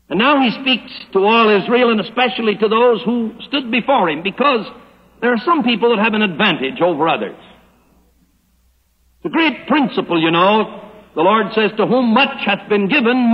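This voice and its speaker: A man pastor giving a radio Bible teaching sermon, preaching emphatically with slow, dramatic stressed phrases. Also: high voice. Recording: muffled old radio broadcast with long reverb.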